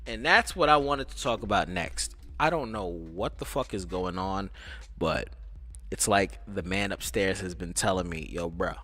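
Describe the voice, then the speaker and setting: A man streaming live, telling a casual story in a rambling, profane, animated way. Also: low voice, normal speed.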